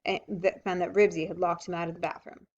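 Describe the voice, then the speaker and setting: A woman's voice: fairly low pitch, level tone, fast talker, a little mellow, close to an everyday voice. A woman voicing a sensible older sister, earnest and eager, often exasperated with her little sister. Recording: dull lo-fi recording.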